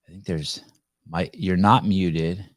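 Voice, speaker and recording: A man's voice: low voice, fairly even intonation, slow pace, no room sound, clean studio sound. A man hosting a live podcast over a video call, talking bluntly and joking with a lot of profanity. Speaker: podcast host.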